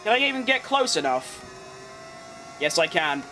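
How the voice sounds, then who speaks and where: A man giving excitable live commentary while playing a racing game, exclaiming at close moments. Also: on the high side, moderate pace, slight background noise. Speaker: gaming streamer.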